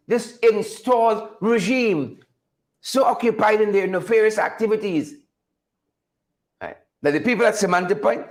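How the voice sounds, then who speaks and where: Emphatic high-voiced Guyanese man. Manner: emphatic, repetitive, rhetorical questions; reads out viewer names. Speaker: host. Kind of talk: political commentary show.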